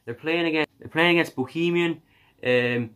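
A man putting on an excitable Irish accent in a joking, repetitive, sing-song way. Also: fairly high pitch, normal speed, clear, resonant tone, voice pushed up, close to an everyday voice. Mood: playful.

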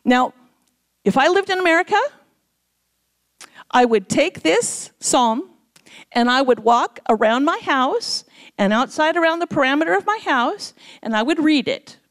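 A woman's voice: high voice, measured pace, long pauses. A middle-aged woman preaching as guest speaker in a church, telling stories and acting out the voices of the people in them. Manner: animated, acts out quoted voices. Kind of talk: sermon storytelling.

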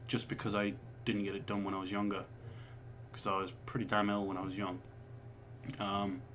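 A man's voice: fairly low pitch, a bit bright, slight background noise. A man in his twenties, chatting casually as a vlogger answering viewer questions, rambling and swearing as he goes. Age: 20s. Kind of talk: casual chat.

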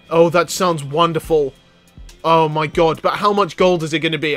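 A man commenting excitedly on a video game, often reading character lines aloud. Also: on the high side, fairly quick. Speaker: gaming YouTuber. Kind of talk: let's play commentary. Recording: faint background game music.

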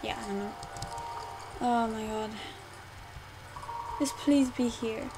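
A young woman rambling through casual gameplay commentary, full of fillers and quick to get frustrated, recorded at home on a desktop mic. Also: a little high, steady tone, very noisy. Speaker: game let's player. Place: home room, car audible outside.

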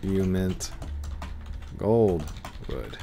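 A man's voice: low-pitched, lively intonation, drawn-out words, gravelly, mellow. A young man hosting a casual game video, chatting in a rambling way and often trailing off and restarting. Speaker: gaming video host. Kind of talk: casual gameplay commentary.

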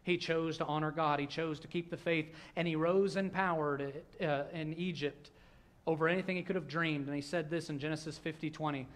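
A male pastor, preaching a sermon in a church with a conversational manner that swings between hushed and loud. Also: a little high, steady tone, brisk. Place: church sanctuary.

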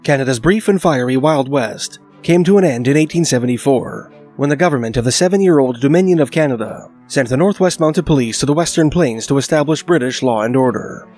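A man reading a scripted documentary narration in a measured, even storytelling manner. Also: mid-range voice, soft background music.

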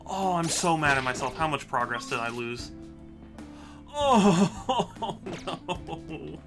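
A man's voice: fairly high pitch, very animated, slow, fairly bright tone, soft background music. A man chatting casually on a live stream while playing a game, often repeating himself and scolding himself. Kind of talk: casual live-stream chat over gameplay.

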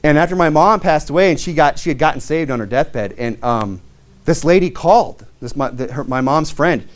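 A man's voice: lively intonation, normal speed. Earnest man preaching a sermon. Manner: earnest, plainspoken preaching with many "you know" fillers; reads King James scripture aloud, rising in pitch on key verses. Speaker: pastor.

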